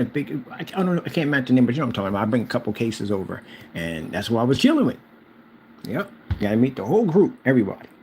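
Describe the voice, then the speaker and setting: A man rants to his own channel in a boastful, challenging way. His voice sits at an ordinary pitch and swings from loud calls to low mutters. A faint background noise runs under the recording. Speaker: channel host. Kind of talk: casual rant to camera.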